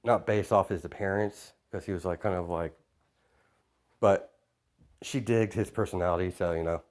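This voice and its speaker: A man with a lowish voice narrating his own fan-made story in a loose, casual way. He rambles and leans on fillers as he explains what happens next. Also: fairly even intonation, moderate pace, a little mellow.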